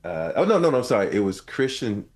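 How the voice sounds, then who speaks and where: A man's voice: lowish voice, sing-song, fairly quick, a little mellow. A man hosting a podcast, telling a story in casual chat and laughing through it. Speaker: podcast host.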